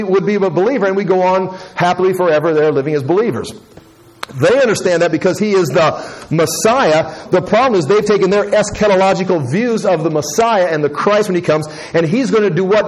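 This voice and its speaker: A man teaching through a Bible passage, telling the story in an animated way, acting out the quoted speech and often restarting his sentences. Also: high-pitched, rough recording. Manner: frequent self-corrections and restarts.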